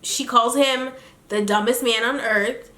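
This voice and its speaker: A sassy woman dishes gossip as she recaps a reality show for her viewers. Her voice is bright and a little high, and it rings in an echoey room. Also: steady tone, measured pace. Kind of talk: casual chatty recap.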